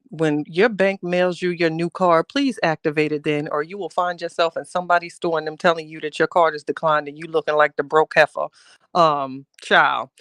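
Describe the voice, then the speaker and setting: A woman's voice: low voice, fairly bright tone, no room sound. A chatty middle-aged woman, hosting a casual live stream and greeting viewers with pet names. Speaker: livestream host greeting chat.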